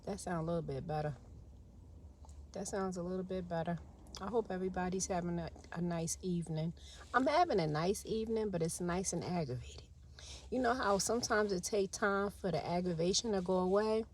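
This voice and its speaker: A woman's voice: on the low side, moderate pace, long pauses, darkish tone. A woman, chatting and venting to viewers in a casual vlog while stuck in traffic in her car. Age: 40s. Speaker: vlogger.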